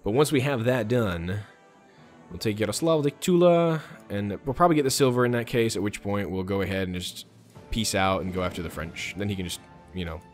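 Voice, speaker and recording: A man's voice: lowish voice, animated, brisk, soft background music. A man hosting a let's play, chatting casually and muttering orders to his game units. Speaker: gaming channel host.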